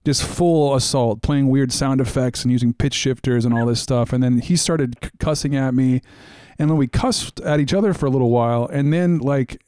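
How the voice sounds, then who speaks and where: A man's voice: medium pitch, moderate pace, a little mellow, smooth, no echo, clean studio sound. A man hosting a radio show, chatting in a laid-back way and saying like often. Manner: laid-back, says like a lot. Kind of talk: casual chat.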